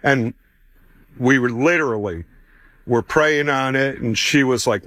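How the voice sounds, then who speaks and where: A man's voice: medium pitch, a little slow, pauses often, a bit bright, dry recording. A man in his fifties telling a personal faith testimony, conversational and chuckling as he acts out what people said.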